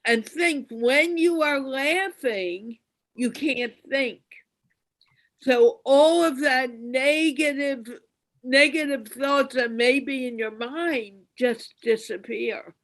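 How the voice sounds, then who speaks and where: A woman's voice: sits high, slow pace, a bit bright, low-quality recording. A woman hosting an online panel, speaking in an earnest, encouraging way over a video call. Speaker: host. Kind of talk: casual panel talk.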